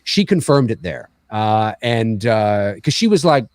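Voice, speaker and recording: Casting note: a lower-voiced male host, rambling and animated, on a dry close mic. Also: a little slow, clean tone, dry recording. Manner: rambling, animated, acts out film lines. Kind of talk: casual panel discussion.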